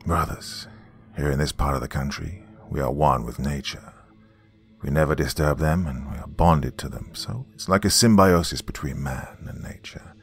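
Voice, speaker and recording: A man voicing a solemn male lodge master at a ceremonial gathering, speaking in a measured, formal way. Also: a bass voice, creaky, faint music behind, pitched below the performer's own voice.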